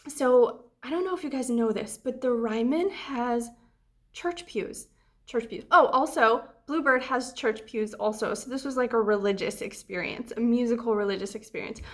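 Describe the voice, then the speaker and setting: Young adult woman vlogger, somewhat high voice, chatty and heartfelt with plenty of ums. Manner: chatty and emotional, many ums and restarts. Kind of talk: casual travel vlog.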